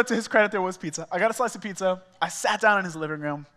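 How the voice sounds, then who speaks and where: A male small groups pastor telling a personal story in a sermon, animated and casual, acting out the dialogue. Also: high voice, racing, big-room sound. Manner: animated, acts out quoted dialogue, frequent "like" fillers. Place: church auditorium.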